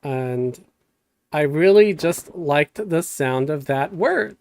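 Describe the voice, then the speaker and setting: Middle-aged man, game streamer, chatty rambling storyteller; slightly higher voice, unhurried delivery. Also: animated, vocal fry, a little mellow. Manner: rambling and chatty, many fillers and restarts. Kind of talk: casual storytelling during a gameplay stream.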